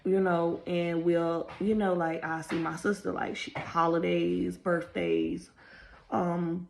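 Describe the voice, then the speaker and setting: A woman's voice: lowish voice, flat delivery, slow, creaky, darkish tone, a little hiss or hum. A woman in her thirties telling a family story on her vlog, emotional and rambling, fighting back tears and apologizing as she goes. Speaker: vlogger. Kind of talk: casual storytime.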